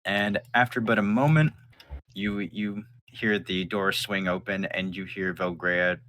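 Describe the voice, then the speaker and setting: A man running a tabletop role-playing game, describing scenes for his players. He talks in loose, hesitant runs full of fillers. His voice is a little low but bright and forward. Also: fairly even intonation, unhurried. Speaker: game master.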